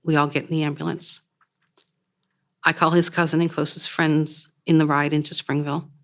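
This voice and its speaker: A woman reading her own first-person story aloud in a measured, plain storytelling manner. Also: low voice, flat delivery.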